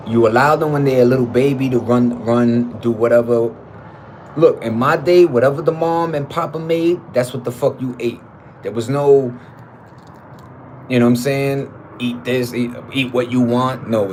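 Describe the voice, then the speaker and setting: A man's voice: mid-range voice, moderate pace, darkish tone, a little hiss or hum, low-quality recording. Profane, ranting middle-aged man. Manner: profane, slangy, opinionated rant with many restarts. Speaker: vlogger. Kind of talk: casual talking-to-camera monologue.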